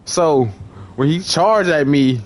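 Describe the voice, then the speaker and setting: A young man in voice chat, rambling through a profane story full of "like" and restarts, acting out lines with shouts. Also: fairly high pitch, slow pace. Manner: acts out quoted lines, shouting and laughing. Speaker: gamer in voice chat.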